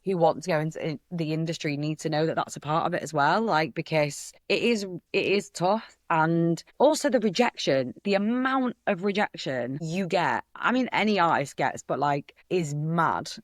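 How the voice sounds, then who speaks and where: A woman's voice: low voice, normal speed, hardly any pauses, no room sound, clean studio sound. A young woman with a Hull accent, an actor guest chatting casually on a podcast and telling stories with animation. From Hull, England.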